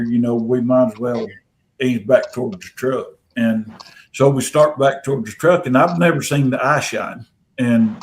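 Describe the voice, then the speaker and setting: A man's voice: mid-range voice, slight background noise, rough recording. A man with a Southern US accent telling a long story in a casual, rambling, folksy way, with frequent restarts. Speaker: podcast guest telling an encounter story.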